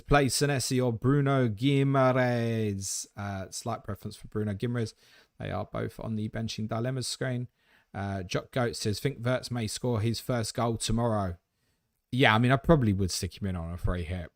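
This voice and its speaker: A man's voice: fairly low pitch, no echo, clean studio sound. A man hosting a live question-and-answer stream, talking in blunt, matey banter with some swearing. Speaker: host.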